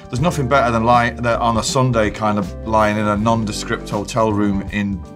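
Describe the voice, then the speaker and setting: A man's voice: fairly low pitch, level tone, normal speed, music in the background. A middle-aged man from England, blunt and sweary, telling stories in interview clips and acting out the people in them. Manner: blunt, sweary, acts out other people in anecdotes. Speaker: interviewee, musician. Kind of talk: anecdotal chat across interview clips.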